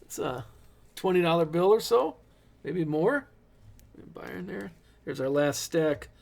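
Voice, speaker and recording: A man's voice: fairly high pitch, animated, measured pace, vocal fry, a little mellow. A middle-aged man hosting a live card break, chatting casually and cracking corny dad jokes.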